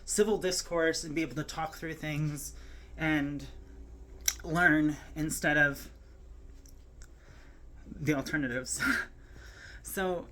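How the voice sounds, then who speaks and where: With a low, steady voice that's a bit bright, this woman speaks to camera about something personal, nearly crying as she stumbles, rambles, and restarts amid many fillers. Slight background noise is present.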